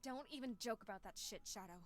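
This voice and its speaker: A man reading visual novel lines in a soft, high falsetto as a startled, upset young woman. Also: brisk, faint music behind, natural voice. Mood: shocked.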